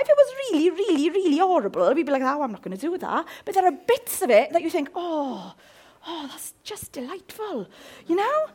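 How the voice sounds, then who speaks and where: A woman gives a sermon in a high, bright-sounding voice that leaps up and down in pitch. She is jokey and animated and keeps turning questions back to her listeners. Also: brisk. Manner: animated, humorous, asks the audience questions. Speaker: preacher.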